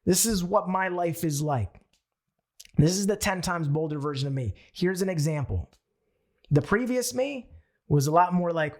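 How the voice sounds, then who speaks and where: A young man giving a motivational sales training talk, telling stories in an animated, playful way. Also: high voice, normal speed. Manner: animated storyteller who acts out his own thoughts. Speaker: network marketing trainer.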